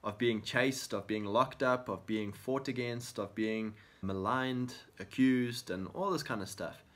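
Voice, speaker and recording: A man's voice: mid-range voice, steady tone, measured pace, a bit bright. Earnest man giving Christian encouragement. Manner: earnest and encouraging, often acts out prayers in quotes. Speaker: co-host of a faith talk show.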